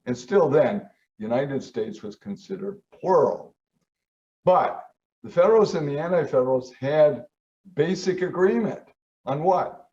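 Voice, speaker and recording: A man's voice: a little high, expressive, a little slow, warm tone. An older man, a professor hosting his show, lecturing emphatically and posing rhetorical questions. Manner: emphatic, rhetorical questions, quoting founding texts. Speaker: host, professor. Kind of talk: lecture-style commentary. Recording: slightly distant, dull lo-fi sound.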